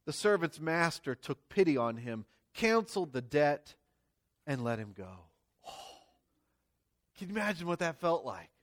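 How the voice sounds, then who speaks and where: A pastor preaching to a congregation in a church, his voice sitting fairly high for a man. He talks the way you would chat with friends, often tagging his points with little questions. When he reads scripture his voice swells with emphasis. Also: very animated, a little slow, fairly bright tone. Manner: conversational, tags lines with "okay?" and "right?". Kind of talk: sermon. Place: church sanctuary before a congregation.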